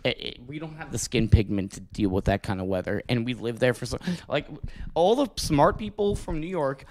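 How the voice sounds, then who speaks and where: Animated, profane man rambling on a podcast. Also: mid-range voice, brisk. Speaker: podcast host. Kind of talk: crude casual chat.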